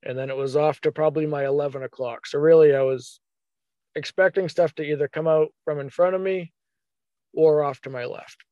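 A man telling a hunting story in a casual, animated way, acting out his own thoughts as quotes. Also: fairly high pitch, a little fast, no echo, dull audio.

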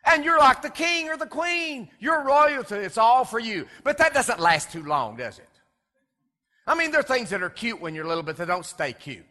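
A man's voice: very high-pitched, sing-song, normal speed, sharp tone, big-room sound. A man preaching a sermon in folksy storytelling style, imitating crying babies and drawing the congregation in. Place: church sanctuary.

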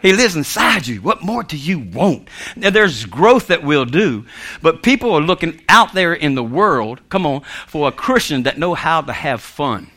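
A man's voice: fairly high pitch, very animated, normal speed, bright, forceful tone. A male minister preaching with humor, laughing often, acting out voices in his stories and calling out amen and come on.

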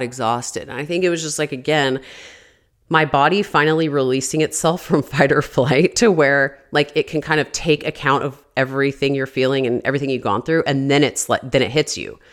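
This podcast host is a woman in her thirties with a deep, bass voice and a moderate pace. She tells her story in a relaxed, chatty way, her speech full of "like" fillers and frequent curse words.

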